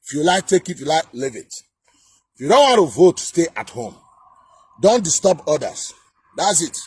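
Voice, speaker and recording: A man delivering an angry political rant, shouting, scolding and repeating himself. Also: on the high side, very animated, normal speed, slightly rough. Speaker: political commentator.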